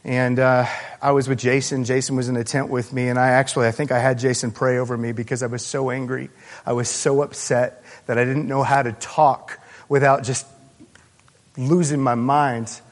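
A man preaching a sermon as pastor, telling a story earnestly and haltingly, with frequent restarts. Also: mid-range voice, level tone. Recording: long hall reverb.

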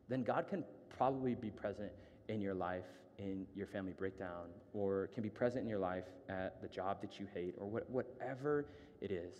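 A man's voice: medium pitch, darkish tone, long reverb tail. A man, a pastor, giving a conversational sermon with many fillers and asides. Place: church hall.

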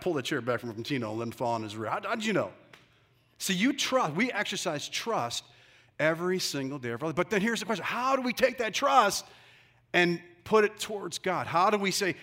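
Bright-voiced joking pastor, man. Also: fairly high pitch, brisk. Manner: energetic, joking, calls on the congregation. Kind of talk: sermon. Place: church stage under bright lights.

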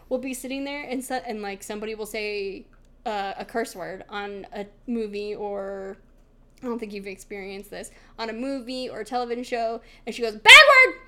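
A woman co-hosting a podcast in casual chat, telling animated stories and acting out other people's voices with big jumps in pitch. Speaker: podcast co-host.

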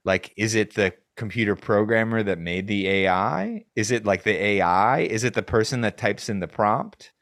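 With a low, slightly bright voice and a moderate pace, a podcast co-host talks casually with few pauses, rambling and restarting many times. The recording is dry and clean, with studio sound.

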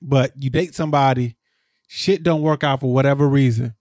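A man co-hosting a podcast, rambling through a casual recap and jumping up in pitch when he gets exasperated. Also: steady tone, normal speed, a little mellow, dry recording, studio quality. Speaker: podcast co-host.

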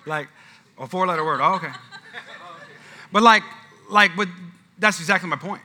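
A man's voice: sits high, moderate pace, bright, forceful tone. A male pastor telling a chatty story at a church Q&A, with lots of restarts and asides. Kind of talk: sermon-style Q&A at church.

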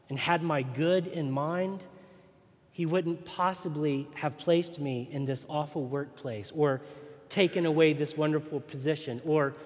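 A man preaching a sermon as pastor, earnest and emphatic. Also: a little high. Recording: long reverb in a large hall.

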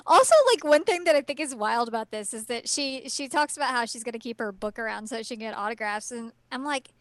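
A woman's voice: on the high side, fast, fairly bright tone. A woman co-hosting a casual podcast, chatty and wry, who laughs often while discussing an anime. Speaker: podcast co-host. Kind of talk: casual chat.

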